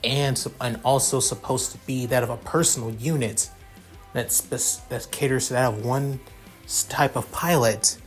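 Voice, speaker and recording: A man's voice: mid-range voice, steady tone, moderate pace, faint music behind. A man improvising a fan fiction narration, rambling with many restarts.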